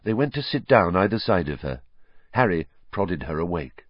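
A man reading a novel aloud as an expressive audiobook narrator. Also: deep voice, normal speed, dry recording, lo-fi sound. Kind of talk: scripted narration.

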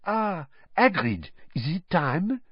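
A man voicing a towering, playful French headmistress who speaks slowly in a lilting way. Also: a little high, big pitch swings, husky, no room sound, dull audio, voice pushed up, exaggerated voice.

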